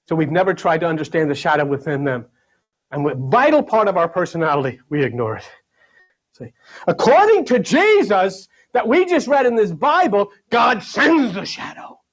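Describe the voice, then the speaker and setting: A man delivering a sermon, emphatic, swinging from loud to hushed and asking his listeners "see?". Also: high voice. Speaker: spiritual teacher.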